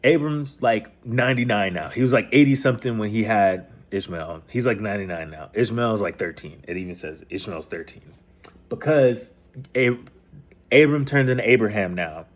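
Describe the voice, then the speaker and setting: In a fairly low, animated voice at normal speed, a man loosely retells a scripture story with plenty of profane slang. His casual, wandering explanation alternates between reading passages out loud and putting them in his own words.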